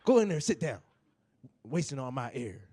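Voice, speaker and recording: A man's voice: medium pitch, big pitch swings, moderate pace, mellow, slightly rough, voice pushed down. A man voicing a grumpy, bossy old grandfather who scolds and repeats himself. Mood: scolding. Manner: scolding, repetitive nagging.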